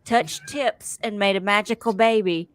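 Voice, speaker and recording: A woman's voice: medium pitch, moderate pace, dry recording. Give me a Southern-accented woman co-host, playful and laughing, recorded dry. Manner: joking, laughs easily. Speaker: podcast co-host. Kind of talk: casual recap chat.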